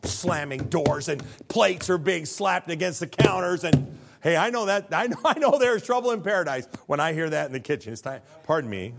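A middle-aged male pastor delivering a sermon in a relaxed, conversational style. His slightly high voice rises and falls with lively swings as he questions the congregation and acts out the lines he quotes. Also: normal speed, gravelly.

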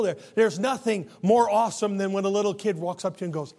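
A man in his fifties or so, preaching a sermon, grandfatherly and animated, swinging between soft, drawn-out lines and near-shouting. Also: high voice. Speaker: pastor.

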